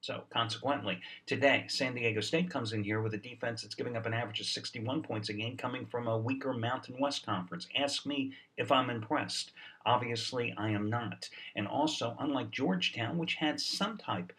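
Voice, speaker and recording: A man's voice: mid-range voice, moderate pace, a bit bright, distant mic. A man giving a sports betting video report, salesy and sarcastic, with a lot of "uh" fillers, short on sleep.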